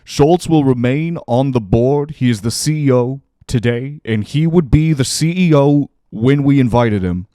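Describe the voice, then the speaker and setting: A man doing an impression of an elderly firebrand senator, speaking in a loud, emphatic, hectoring way. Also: medium pitch, a little slow, few pauses, dry recording, clean studio sound, voice pushed up, close to an everyday voice. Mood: indignant.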